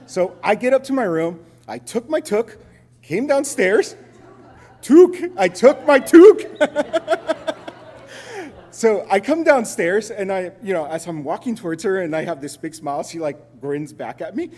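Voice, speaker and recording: A man from Los Angeles speaks from a conference stage in a fairly high voice, and the hall rings with a long reverb. He tells a jokey story with plenty of animation before moving into his sponsor pitch. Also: expressive, moderate pace. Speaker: sponsor presenter. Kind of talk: conference talk with anecdote.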